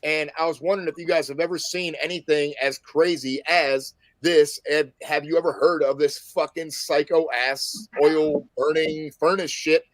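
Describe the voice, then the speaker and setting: A man's voice: on the high side, steady tone, moderate pace, hardly any pauses, dry recording. A man on a podcast telling a long rambling story, swearing freely in casual chat. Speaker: podcast co-host.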